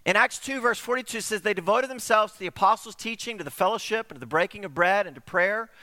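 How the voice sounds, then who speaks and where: A man's voice: high voice, fast, pushed and bright, in a large hall. A man preaching a sermon, telling a story with acted-out dialogue.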